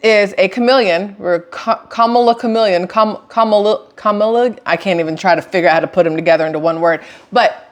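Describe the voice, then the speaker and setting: Brief: woman vlogger, chatty political commentary, emphatic, mid-pitched voice. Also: fairly quick, hardly any pauses. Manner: emphatic, repeats words for stress. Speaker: host.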